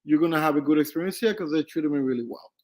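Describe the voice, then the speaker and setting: A young man vlogging casually, telling lively stories with swearing and acted-out quotes. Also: fairly high pitch, quick pace. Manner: animated, swearing, acts out quotes. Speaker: travel vlogger. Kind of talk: casual storytelling.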